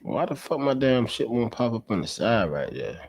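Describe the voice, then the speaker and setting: A man's voice: mid-range voice, very animated, moderate pace, darkish tone, slightly rough, dry recording. A man hosting a casual livestream, talking loosely with lots of slang, repetition and profanity. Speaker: online commentary host. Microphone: streaming setup mic.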